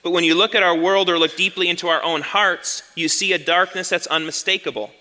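A male pastor giving an earnest sermon, slowing down and repeating key lines for emphasis. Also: high voice, steady tone, bright, forceful tone, big-room sound.

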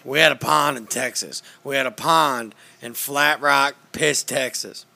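Guy impersonating a gravelly, tense, shouting middle-aged conspiracy broadcaster, comedic impression. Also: mid-range voice, measured pace, full character voice. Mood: ranting. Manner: ranting, loud, conspiratorial. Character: blustering male conspiracy radio host, middle-aged.

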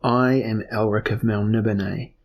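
A man's voice: fairly low pitch, normal speed, a little hiss or hum, lightly acted. A man voicing a proud, moody sorcerer-emperor who speaks sardonically, in an audiobook reading. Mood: sardonic. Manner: sardonic, steady.

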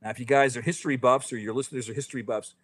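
A man in his fifties spins baseball stories as a guest on a podcast. His voice sits at an everyday middle pitch, and he talks in an animated way, restarting his phrases often. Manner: animated storyteller, quick restarts, frequent "you know". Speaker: author guest. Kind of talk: casual podcast interview.

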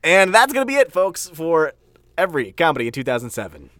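A teasing co-host on a video call trades jokes and swears freely. The pitch sits mid-range. The sound is close and dry with no room around it. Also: sing-song, quick pace, a bit bright, no echo. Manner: teasing, jokey, swears casually. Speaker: podcast co-host. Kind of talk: casual chat.

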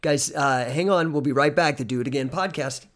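A man's voice: a little high, a little fast. Man hosting a podcast, hesitant and chatty. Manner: hesitant, many fillers, upbeat when introducing segments. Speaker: podcast host. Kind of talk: casual podcast interview.

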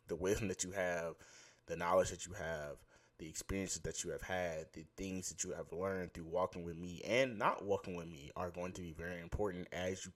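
A young man hosting his own podcast segment, talking about faith in a casual, excitable and rambling way. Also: sits low. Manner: excitable, rambling, self-interrupting.

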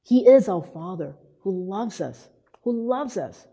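A woman's voice: medium pitch, slow, slightly rough. A woman preacher giving a sermon, telling stories and acting out the people she quotes. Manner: animated storytelling, acting out quotes. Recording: hall reverb.

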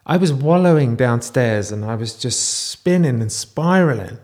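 A man speaking in a raw, confessional video diary, close to tears, halting and restarting as he talks. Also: mid-range voice, animated, darkish tone. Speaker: vlogger.

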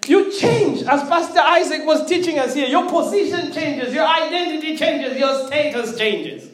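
A middle-aged preacher in a roomy hall, swinging from emphatic outbursts to hushed, intimate stretches. The speaker repeats words and keeps asking the congregation for a response. The sound carries a wide, echoing room. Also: high voice, normal speed. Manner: animated, swings from loud emphatic to quiet intimate. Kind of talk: sermon. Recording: roomy echo.

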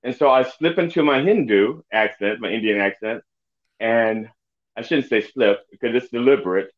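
A man of middle pitch tells stories on a podcast, rambling, swearing and stumbling over his starts. His sound is muffled and lo-fi, as if recorded on modest gear. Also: normal speed. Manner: rambling storyteller, swears freely, many restarts. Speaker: comedian guest. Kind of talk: casual podcast chat.

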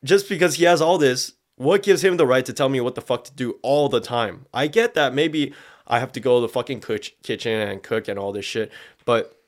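A man's voice: medium pitch, fairly quick. A young man chatting casually as co-host, rambling, swearing freely and laughing often. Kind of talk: casual reaction chat.

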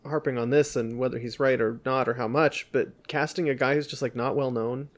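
A woman co-hosting a casual movie discussion, relaxed and rambling with lots of filler words. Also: a bass voice, fairly quick. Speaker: film podcast co-host.

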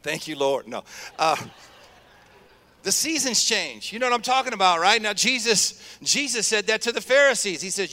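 A male pastor preaches with energy and keeps drawing call-and-response from his congregation. His voice sits high and sounds bright and forceful. The sound rings with long reverb in a church sanctuary. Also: lively intonation, normal speed. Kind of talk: sermon.

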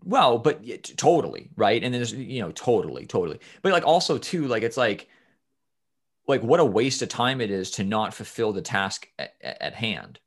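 A man's voice: on the low side, big pitch swings, moderate pace. A man talking emphatically on a podcast, swearing freely and restarting his sentences often. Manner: emphatic, profane, restarts a lot. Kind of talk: casual podcast conversation.

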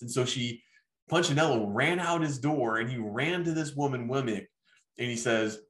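A man's voice: medium pitch, animated, moderate pace, a bit bright. A man hosting a devotional podcast, telling a story and praying in an earnest, encouraging way. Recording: roomy echo.

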